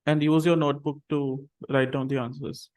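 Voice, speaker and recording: A man teaching an English class over a video call, patiently saying words slowly and repeating them for students to copy. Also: mid-range voice, little pitch movement, a little mellow.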